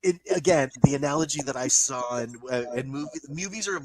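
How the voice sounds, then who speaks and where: A man's voice: medium pitch, brisk, crowd noise, low-quality recording. A man co-hosting a podcast in casual chat, rambling emotionally with lots of fillers and swearing. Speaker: podcast co-host.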